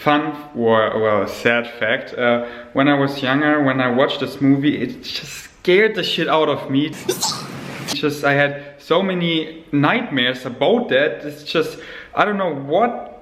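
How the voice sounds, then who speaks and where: A man's voice: mid-range voice, slow pace, a little hiss or hum. A man chatting casually in a daily vlog, playful and jokey. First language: German. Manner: playful, jokey, animated asides. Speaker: vlogger. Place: home kitchen indoors. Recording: roomy home camera audio.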